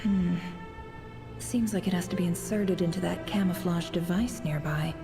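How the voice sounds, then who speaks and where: A woman's voice: on the low side, moderate pace, over music. An actress voicing a curious young woman adventurer who searches an office in a whisper, whispered role-play. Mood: hushed curious. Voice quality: whispered, gravelly.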